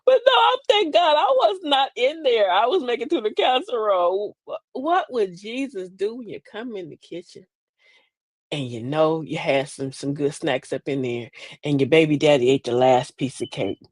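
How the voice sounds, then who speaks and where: Animated older woman, laughing and sassy. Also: mid-range voice, normal speed, dry recording. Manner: animated, laughing, sassy Southern-style asides. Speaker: host. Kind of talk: comic storytelling monologue.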